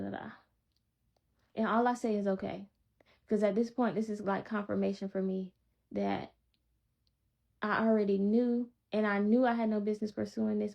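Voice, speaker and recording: Woman, flat even delivery, calm and blunt, dull lo-fi sound. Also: medium pitch, creaky. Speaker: vlogger sharing a personal testimony. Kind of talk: casual storytelling. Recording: dull lo-fi recording.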